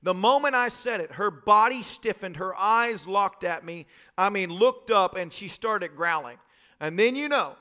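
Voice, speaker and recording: High bright-voiced preaching man. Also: animated, clean tone. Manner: vivid personal storytelling, quick emphatic phrases. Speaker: pastor. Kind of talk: sermon storytelling.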